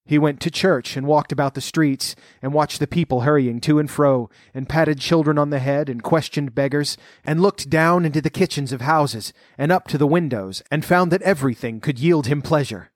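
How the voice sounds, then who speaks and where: A man narrating a storybook, reading in an expressive, lively way. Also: on the high side, dry recording, studio quality.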